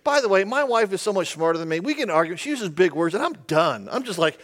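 A man's voice: sits high, sing-song, quick pace, hardly any pauses, a bit bright. A male pastor giving a humorous, conversational sermon, often asking the audience questions.

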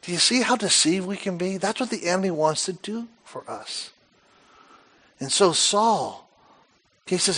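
A male pastor preaching a sermon, retelling scripture with animated, dramatic storytelling and frequent rhetorical questions. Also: high voice, unhurried.

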